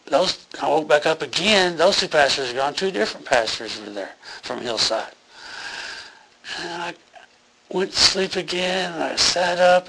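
Gravelly man telling his story. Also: on the high side, bright, forceful tone, slight background noise, poor audio. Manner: rambling, earnest, many fillers. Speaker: interviewee telling a near-death experience. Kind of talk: personal testimony.

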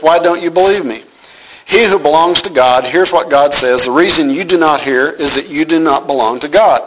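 Man, Bible teacher, reads verses then explains, asks the listeners questions, slightly raised pitch. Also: moderate pace, a bit bright, poor audio.

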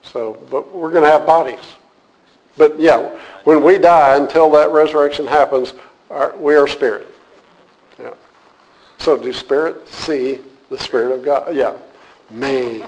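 A teacher leading a church class delivers a casual sermon to a live group in a rough recording. His voice is fairly high and a little mellow, measured in pace, and he shifts from casual joking to earnestness as he explains a point.

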